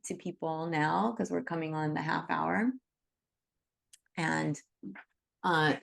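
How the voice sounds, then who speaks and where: With a fairly low, creaky voice, this woman guides an online Reiki group by video call. Her teaching talk is sincere and comforting, dotted with many "you know"s.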